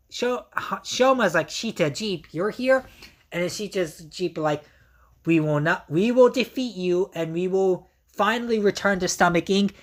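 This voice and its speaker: A woman recapping a TV episode in a casual, rambling way, full of fillers and restarts. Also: fairly low pitch. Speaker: reviewer.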